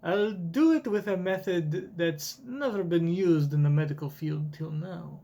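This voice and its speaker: A man voicing an excitable older genius scientist in a wavering put-on accent while reading a comic aloud. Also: high voice, unhurried. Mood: amused.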